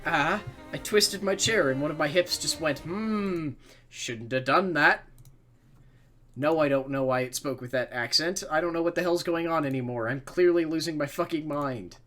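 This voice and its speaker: Male streamer with a bright, fairly high voice; rambling, self-mocking, profane play-by-play chat. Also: brisk, few pauses, faint music behind. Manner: rambling, swears freely, self-mocking asides. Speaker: game streamer. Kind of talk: casual gameplay commentary.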